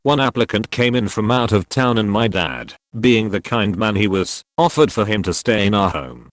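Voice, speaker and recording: A man narrating forum stories in a steady, even scripted read. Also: fairly low pitch, moderate pace, no room sound.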